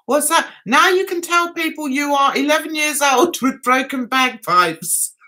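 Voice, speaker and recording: A woman's voice: sits high, expressive, a little slow, sharp tone. A woman from England hosting a casual livestream chat, reading out viewer comments and giggling often. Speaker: livestream host.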